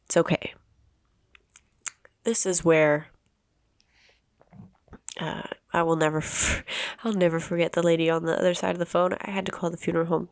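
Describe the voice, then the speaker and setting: A woman in her thirties, a podcast host telling a personal story in an emotional, halting way with many restarts. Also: on the low side, steady tone, no room sound, clean studio sound. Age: 30s.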